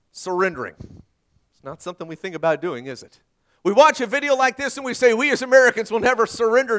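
A male pastor giving an earnest sermon, asking rhetorical questions and swinging between loud and soft. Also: high voice.

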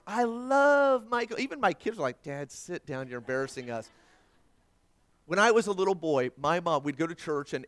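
High-voiced preaching pastor, loud and hushed. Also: male voice. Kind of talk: sermon.

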